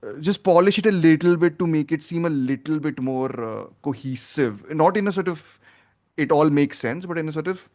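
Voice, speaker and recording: Male podcast host, slightly high voice, opinionated, thinks out loud. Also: normal speed. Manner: rambling, opinionated, thinks aloud. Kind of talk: casual film review chat.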